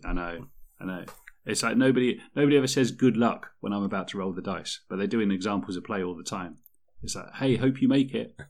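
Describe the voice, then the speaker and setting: A man's voice: on the low side, quick pace. A man co-hosting a casual chat about tabletop games, rambling and sardonic, often mock-quoting things in silly voices. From Britain. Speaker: podcast co-host.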